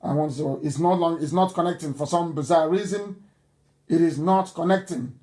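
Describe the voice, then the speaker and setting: Male radio host, high-pitched, insistent and pleading, live address. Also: normal speed. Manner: forceful, repetitive, pleading. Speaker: radio broadcaster taking calls.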